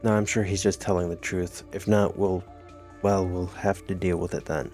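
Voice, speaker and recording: A man reading the lines of a cautious male knight from a text adventure game, in a flat reading voice. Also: deep voice, moderate pace, faint music behind, natural voice. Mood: calm.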